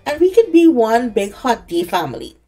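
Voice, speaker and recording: A woman's voice: on the high side, big pitch swings, normal speed, dark tone. A woman giving casual let's-play commentary, chatting away and talking to the game characters. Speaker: gaming creator.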